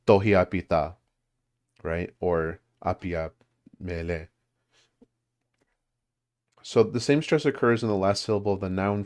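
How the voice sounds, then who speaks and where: A man's voice: low voice, darkish tone. A man leading a language study group, explaining grammar casually with many fillers and restarts. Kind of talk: casual teaching over a call.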